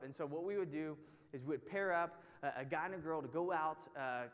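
A man's voice: on the high side, brisk. Chatty young man preaching in an echoing hall. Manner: casual, chatty and self-mocking, with filler words. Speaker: Bible study teacher. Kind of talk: storytelling sermon. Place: teaching to a group in a large room. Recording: long hall reverb.

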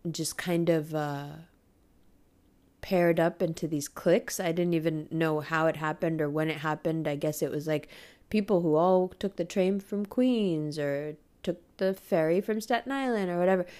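At a measured pace and in a low voice, a woman recounts a personal story as a casual monologue. She swears a lot and speaks with animated, emphatic energy.

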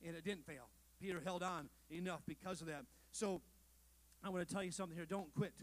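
A man's voice: sits high, steady tone, fairly quick, low-quality recording. A male pastor preaching a sermon in a conversational way, with rhetorical questions, asides and self-deprecating jokes to the congregation.

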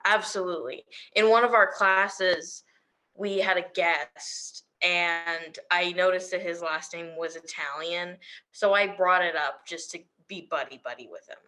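A woman's voice: lowish voice, steady tone, measured pace, bright, forceful tone. A young woman co-hosting a podcast, chatting casually with frequent giggles and self-deprecating jokes. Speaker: podcast co-host. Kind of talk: casual chat.

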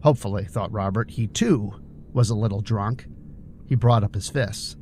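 A man narrating a novel as an audiobook, reading with expressive storytelling. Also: on the low side, moderate pace, a little hiss or hum. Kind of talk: scripted narration.

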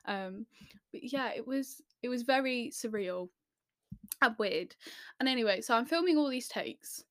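A young woman from the English Midlands telling a story to camera in a chatty, self-deprecating way, with quick asides. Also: fairly high pitch, fairly bright tone, no room sound, clean studio sound. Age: young adult.

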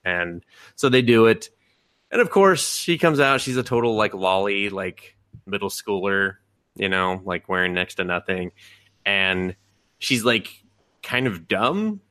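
A man's voice: fairly low pitch, expressive, measured pace, pushed and bright, no echo. A man hosting a podcast, recapping a show in rambling casual chat full of fillers and swearing. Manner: rambling, filler-heavy and profane. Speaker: podcast host.

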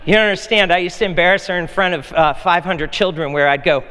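A man's voice: sits high, fast, pushed and bright, smooth. A male pastor preaching a sermon in a conversational, playful way, often repeating words for emphasis. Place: large church hall. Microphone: handheld mic. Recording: long hall reverb.

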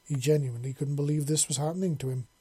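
A man narrating a story chapter in a steady, earnest reading voice. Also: fairly high pitch, quick pace, husky. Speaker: audiobook narrator.

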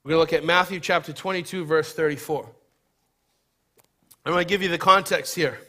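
A man preaching a sermon, emphatic, moving between loud urgent stress and quiet low passages, and acting out quoted voices in a casual way. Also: fairly even intonation, a little fast. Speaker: pastor.

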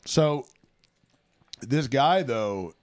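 A man's voice: mid-range voice, animated, very slow, no echo. A man in his thirties co-hosting a podcast, riffing sarcastically and swearing in casual chat. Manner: sarcastic, swears freely, riffs. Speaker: podcast co-host.

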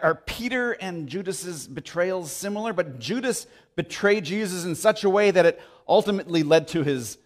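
A man preaching a sermon, telling the story with animated swings between loud bursts and hushed moments. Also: fairly high pitch. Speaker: pastor.

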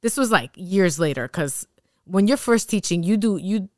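A woman in her thirties, a teacher co-hosting a podcast, telling classroom stories in a casual, animated way and acting out what people said. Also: medium pitch, moderate pace, no echo, studio quality. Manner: animated storyteller who acts out quotes.

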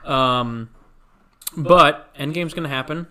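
A man's voice: on the high side, slow pace, pushed and bright. A young man co-hosting a podcast in casual chat, joking and rambling with frequent laughs. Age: young adult. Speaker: podcast co-host.

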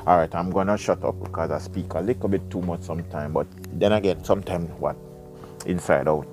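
With music playing in the background, a deep-voiced man reads a book aloud at a slightly quick pace and with fairly even intonation. As a podcast host, he keeps breaking off into rambling, chatty asides, making it a casual reading with side commentary.

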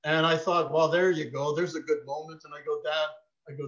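A middle-aged man preaching a sermon, telling personal stories in a heartfelt way, moving between soft passages and emphatic ones. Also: on the high side, steady tone, a little fast, lo-fi sound.

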